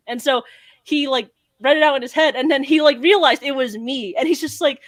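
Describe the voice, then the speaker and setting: A young American man, high-pitched, rambling through a convention story with plenty of "like" and quick laughs. His voice is close and dry, with no room around it. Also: no echo. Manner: rambling, animated storytelling with lots of fillers. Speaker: podcast guest. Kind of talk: excited casual chat.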